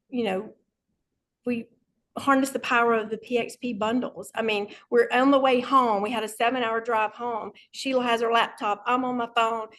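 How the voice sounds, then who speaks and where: A woman thanks her team over a video call with a fairly high voice. She is overwhelmed and excited, laughing often and holding back tears. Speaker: honored team member. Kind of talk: emotional thank-you speech on a video call.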